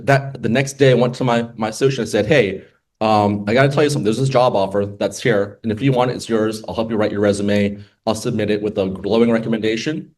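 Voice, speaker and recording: With a slightly mellow, medium-pitched voice, this man, an attorney, recounts his faith story to a group. He keeps it casual, voicing the quoted lines himself and wandering into frequent asides.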